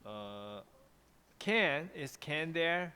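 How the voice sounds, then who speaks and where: A man's voice: on the high side, lively intonation, extremely slow, sharp tone, clear, resonant tone, big-room sound. A man with a Taiwanese accent teaching English pronunciation in an online class, often repeating himself and switching into Mandarin.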